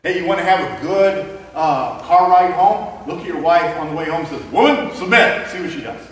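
A man's voice: fairly high pitch, moderate pace. A man preaching a sermon as a pastor, conversational and joking with the congregation. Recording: echoey hall mic from far off.

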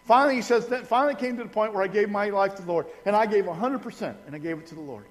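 A middle-aged pastor from Indiana races through his sermon in a high voice, telling personal stories with a folksy, conversational touch and humorous asides to the congregation. The church sanctuary adds a long hall reverb.

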